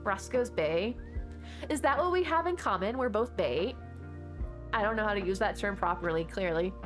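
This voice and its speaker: A woman's voice: medium pitch, expressive, moderate pace. A woman streaming a game from home, chatting casually and rambling through stories while answering her chat. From Texas. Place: home desk. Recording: chill music playing under the voice. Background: background music.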